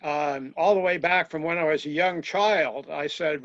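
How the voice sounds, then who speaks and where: An older man speaks on a coaching call in a measured, reflective way. His voice sits a little high and comes through a dull, lo-fi line with a very dry sound. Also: fairly bright tone, dry recording.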